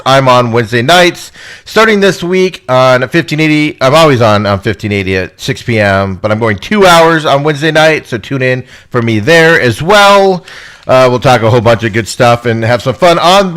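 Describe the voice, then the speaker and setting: Lively man chatting sports. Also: mid-range voice. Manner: animated, laughs often, talks in quick bursts. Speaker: podcast co-host. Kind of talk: casual sports chat. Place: home studio. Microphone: podcast microphone with headphones.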